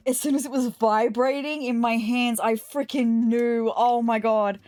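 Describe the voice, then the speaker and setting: Woman, let's-play commentary, fairly high voice, excitable, gushing, faint game music behind. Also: unhurried, few pauses, dry recording. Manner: excitable, gushing, apologetic asides. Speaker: gaming video host.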